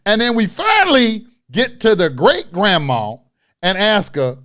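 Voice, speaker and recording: A man's voice: high-pitched, very animated, unhurried, sharp tone. A man talking straight to his camera, telling a story and then ranting bluntly and profanely in street talk about people who follow instructions they don't understand. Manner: storytelling with rising exasperation. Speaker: online video host. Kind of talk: unscripted rant to camera.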